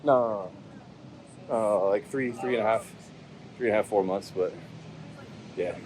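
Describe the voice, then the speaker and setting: A man's voice: fairly low pitch, moderate pace, a little mellow, a little hiss or hum. A man in his thirties vlogging casually on a handheld phone as he moves between home, car and an airport lounge, chatting like a storyteller. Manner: chatty storyteller who acts out quotes. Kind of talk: casual vlog chat.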